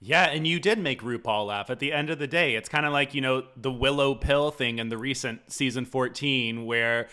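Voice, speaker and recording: A man's voice: mid-range voice, moderate pace, hardly any pauses, pushed and bright. A man hosting an interview podcast, asking questions with enthusiastic compliments. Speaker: podcast host. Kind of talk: casual interview.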